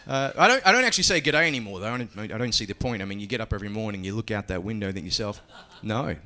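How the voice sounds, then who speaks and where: A man's voice: lowish voice, animated, rapid-fire, sharp tone. A middle-aged Australian man doing a stand-up comedy set on a club stage, dry and profane with hesitant fillers.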